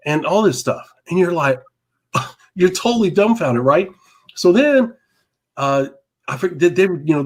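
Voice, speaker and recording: A lively man spinning a long story. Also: a little high. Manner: animated, laughing, repeats words, mild cursing. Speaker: podcast co-host. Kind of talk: casual storytelling chat.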